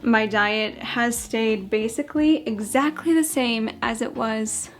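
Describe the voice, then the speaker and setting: A young woman gives a casual, candid vlog update, chatty and a bit out of breath. Her voice sits on the higher side, and soft music plays underneath. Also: slow. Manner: candid, chatty, with fillers and small laughs. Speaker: vlogger.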